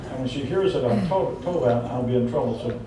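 Animated and brisk, a Southern US-accented preacher gives a folksy, emphatic sermon in a conversational style, slipping in jokes, while a loud crowd is heard. The sound is distant and echoey, like a hall, with faint rumble.

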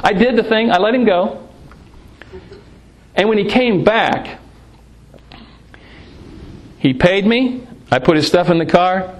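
A man preaching, telling lively personal anecdotes about sharing his faith, laughing often and restarting phrases. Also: high voice, creaky, low-quality recording. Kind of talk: sermon storytelling.

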